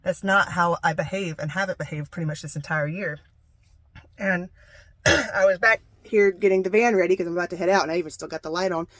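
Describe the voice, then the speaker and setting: A woman's voice: on the low side, brisk, a bit bright, no echo. A young woman from North Carolina, a van-life vlogger, rambling candidly through a personal story. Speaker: travel vlogger. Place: living in a camper van.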